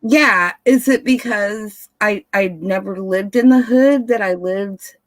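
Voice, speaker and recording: A woman's voice: mid-range voice, slow pace, no room sound. A woman in her fifties chatting casually, rambling and laughing at herself, with a dry recording. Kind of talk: casual chat.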